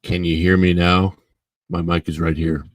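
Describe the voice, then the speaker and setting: A middle-aged man hosting a casual livestream from home, rambling in a sleepy, unhurried way with plenty of fillers as he greets viewers in the chat. He speaks into a clip-on mic close under his face. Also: low-pitched, flat delivery. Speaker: livestream host.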